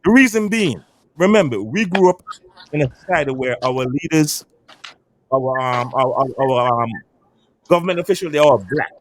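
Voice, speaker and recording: Man, 50s, lively up-and-down voice sitting a bit high, rambling streetwise storyteller in a barbershop. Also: normal speed, a little hiss or hum. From Caribbean island. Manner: animated, repeats and restarts words, streetwise swearing. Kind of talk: casual storytelling.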